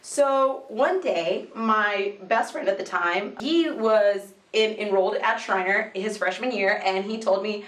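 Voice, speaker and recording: A young woman telling her own story in an interview, lively, laughing often and acting out the people she quotes. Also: mid-range voice, a little slow, few pauses. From Mexican-American home in a colonia. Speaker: interview guest, university employee and alumna. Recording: roomy, from a distant mic.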